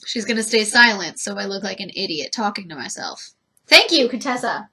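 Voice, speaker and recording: A woman's voice: on the high side, big pitch swings, brisk, pushed and bright, slight background noise. A woman vlogging from home in a giggly, rambling chat, talking to her cat. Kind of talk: casual chat to camera.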